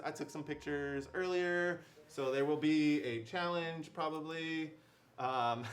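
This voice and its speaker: A man's voice: mid-range voice, fairly bright tone. A young man hosting a casual livestream unboxing, chatty and upbeat, with fillers and laughs. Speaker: livestream host.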